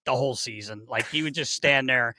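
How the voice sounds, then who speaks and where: Bright-voiced man telling a wild story. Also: medium pitch, fairly quick. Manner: animated, swears freely, laughs while telling stories. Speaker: podcast host. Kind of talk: casual storytelling chat.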